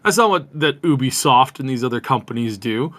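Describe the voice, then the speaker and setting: A man's voice: mid-range voice, expressive, brisk, fairly bright tone. A man co-hosting a gaming podcast in a mid-range voice. He rambles, restarts his sentences often and sounds openly disgusted with what he is criticizing. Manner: rambling, frequent restarts, indignant. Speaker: podcast co-host. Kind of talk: casual podcast commentary.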